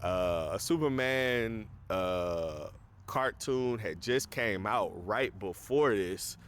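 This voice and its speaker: A man's voice: on the low side, animated, slow, a bit bright, slight background noise. A man hosting a casual film review, recapping the plot in a loose, rambling way with lots of fillers and popping his voice up to act out quoted lines. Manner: acts out quoted lines in a raised voice.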